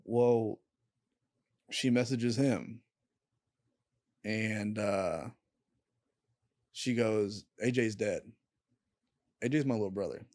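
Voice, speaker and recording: Candid, low-voiced man telling a hard story. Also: darkish tone, no echo, clean studio sound. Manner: candid, swears freely, halting and emotional. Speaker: podcast guest. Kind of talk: casual storytelling.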